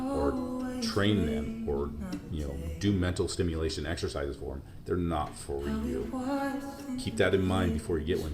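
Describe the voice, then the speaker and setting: A man calmly explaining how he feeds, grooms and cares for his dog, in plain casual talk. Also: low-pitched. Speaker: dog owner explaining care.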